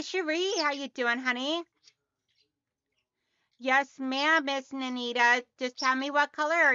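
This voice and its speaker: A woman's voice: high voice, bright, forceful tone, clean tone, dry recording, highs cut off. A woman hosting a casual quilting livestream, chatty and talking straight to her viewers as she reads out their comments.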